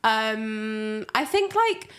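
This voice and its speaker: Young woman podcast guest, fairly high-pitched, giggly self-deprecating chatter. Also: sing-song, very slow, a bit bright. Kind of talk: casual chat.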